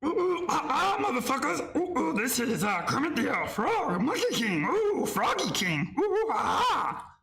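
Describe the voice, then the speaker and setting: A man's voice: extremely high pitch, wildly swooping pitch, normal speed, gravelly, sharp tone, voice pushed up, exaggerated voice. A man doing a goofy impression of a frog puppet crossed with a monkey, hooting and stammering in a garage. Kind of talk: livestream voice impression. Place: home garage. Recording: roomy garage echo.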